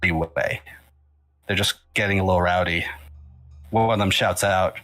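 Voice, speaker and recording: A man's voice: low-pitched, measured pace, faint music behind, rough recording. A man narrating a tabletop role-playing game as game master, loose and full of fillers. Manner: relaxed, filler-heavy narration.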